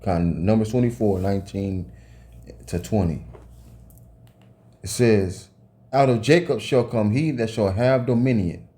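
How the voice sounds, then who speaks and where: Man, informal preacher, profane, slow drawl, mellow low timbre. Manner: profane, tags phrases with "man", rereads and corrects himself. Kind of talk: informal scripture reading and ranting sermon.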